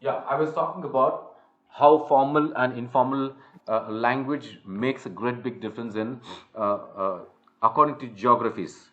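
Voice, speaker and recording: A man's voice: medium pitch, normal speed, a bit bright, dull audio. A man with an Indian accent coaching a trainee one-on-one, lecturing with many fillers and restarts. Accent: Indian English. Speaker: soft skills trainer.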